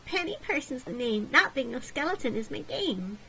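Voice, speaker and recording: A woman's voice: high-pitched, sing-song, moderate pace, bright, forceful tone, pitched above the performer's own voice, exaggerated voice, rough recording. A woman voicing a shy, pleading young undead skeleton girl with a polite, slightly awkward way of talking. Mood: reassuring.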